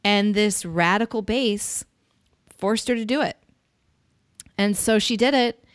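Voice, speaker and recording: Woman, mid-pitched voice, blunt opinionated podcast host, dry close sound. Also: slow, clean tone, dry recording. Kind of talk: casual political chat.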